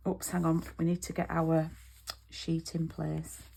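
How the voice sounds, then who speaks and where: A woman's voice: low-pitched, completely flat delivery, unhurried, vocal fry, warm tone, slight background noise. A British woman demonstrating card making in an online class, chatty and step by step, checking in with "okay?" as she goes.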